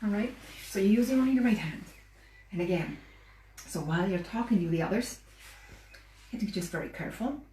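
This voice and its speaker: A woman's voice: mid-range voice, expressive, fairly quick, long pauses, dark tone, slight background noise. Woman teaching cooking, roomy distant sound. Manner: patient, explanatory, talks while working with her hands. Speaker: cooking show host. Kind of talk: live cooking demonstration. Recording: roomy, distant mic with faint ambience.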